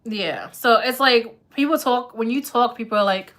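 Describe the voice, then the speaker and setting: Woman, tarot reader, live reading, chatty, laughs a lot, slangy, bright tone. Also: high-pitched, moderate pace.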